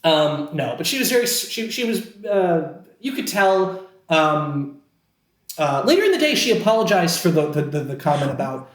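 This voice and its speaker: Animated storytelling man in a roomy space. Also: on the high side, moderate pace. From Scranton, Pennsylvania. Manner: animated, full of fillers and restarts, acting out quotes. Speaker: podcast guest. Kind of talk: casual storytelling.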